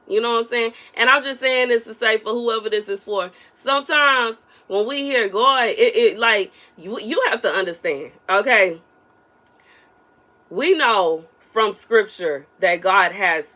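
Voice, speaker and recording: Woman, online minister, casual prophetic talk, bright tone, soft everyday voice, repetitive, conversational. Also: mid-range voice, measured pace. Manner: conversational, repeats phrases for emphasis; often asks "you know what I'm saying". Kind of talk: casual spoken prophetic message.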